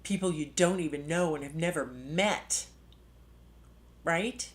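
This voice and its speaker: A woman's voice: sits low, takes it slowly. A middle-aged woman hosting a live stream, speaking with passionate, indignant emphasis and sudden jumps in her voice. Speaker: livestream host. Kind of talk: emotional live-stream commentary.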